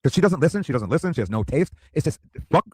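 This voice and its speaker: Husky rambling man, fast rant. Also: on the high side, big pitch swings, darkish tone, no room sound. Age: 50s. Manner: profane, rambling, repeats "dude". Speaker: streamer. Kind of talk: crude ranting monologue.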